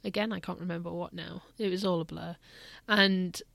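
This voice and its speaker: A woman's voice: lowish voice, fairly even intonation, moderate pace, creaky, fairly bright tone, dry recording. A woman and mother telling a candid, reflective personal story in a casual parenting vlog.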